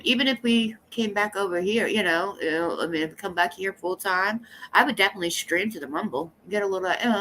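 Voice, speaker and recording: A woman's voice: mid-range voice, sharp tone, a little hiss or hum. A woman live streamer chatting casually with her viewers, rambling and blunt, coughing now and then from allergies. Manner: rambling, blunt and gossipy, talking straight to chat.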